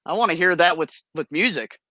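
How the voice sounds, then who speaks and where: A woman chats as a guest, telling stories in an animated way and laughing often. Her voice is bright with a lively pitch, recorded dry and close. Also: a little fast, no echo. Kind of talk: casual storytelling.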